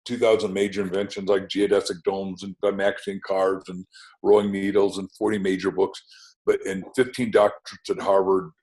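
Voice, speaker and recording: A man's voice: sits low, little pitch movement, moderate pace, darkish tone, poor audio. Older man telling rambling anecdotes. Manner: anecdotal, name-dropping, rambling asides. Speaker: podcast guest, author. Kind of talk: podcast interview, enthusiastic storytelling.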